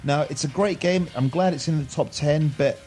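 A man's voice: a little high, normal speed, over loud music. A man co-hosting a casual podcast about retro games, upbeat and steering the talk. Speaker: podcast co-host. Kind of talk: casual retro gaming chat.

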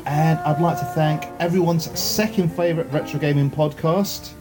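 A man's voice: on the high side, steady tone, moderate pace, over music. A man co-hosting a casual podcast, chatty and enthusiastic, laughing easily. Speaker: podcast co-host.

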